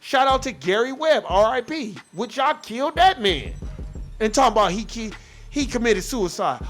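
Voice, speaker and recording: High-pitched man ranting, profane and heated. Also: very animated, normal speed, a bit bright. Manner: profane, heated, mocks others in quoted voices. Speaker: podcast host. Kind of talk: casual ranting commentary.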